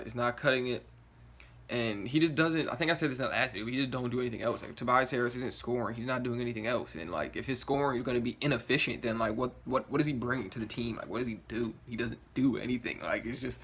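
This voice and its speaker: A man talking straight to camera in a loose, frustrated rant, his thoughts spilling out in restarts and filler words. He sounds groggy, yawning now and then after just waking up. His voice sits in an ordinary middle pitch. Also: sharp tone. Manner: frustrated, rambling, swearing, many "like" fillers. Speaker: sports vlogger.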